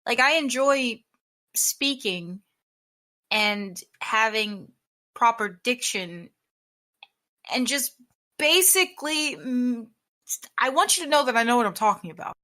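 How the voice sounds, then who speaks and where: Young woman podcast co-host, bright edgy voice, blunt and exasperated, swears freely in casual chat. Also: on the high side, expressive, slow, long pauses.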